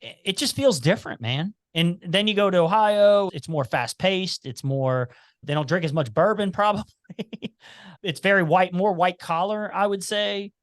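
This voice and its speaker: This talkative podcast guest from the Cincinnati area speaks with a slight Appalachian twang in a casual chat. His voice sits a little high for a man and sounds close and dry, and at a moderate pace he talks in animated bursts, restarting sentences as he goes.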